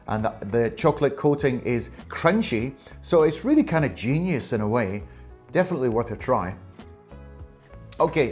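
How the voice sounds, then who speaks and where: Guy doing a chatty taste-test review, upbeat and laughing a lot, normal middle pitch. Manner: enthusiastic, chatty, laughs often. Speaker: food vlogger.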